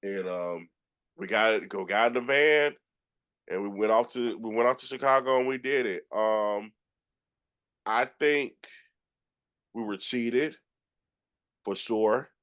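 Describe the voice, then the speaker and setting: A man from Georgia with a Southern accent, hosting a casual chat and telling animated stories with many restarts. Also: on the low side, takes it slowly, long pauses, smooth. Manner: animated storyteller with frequent restarts, acts out quotes. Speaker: podcast host.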